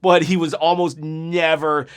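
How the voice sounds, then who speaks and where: A man in his forties chatting casually about wrestling promos, self-mocking and quick to laugh while telling a story. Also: a little high, level tone, clean tone. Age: 40s. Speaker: wrestling commentary youtuber. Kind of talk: casual video commentary and storytelling.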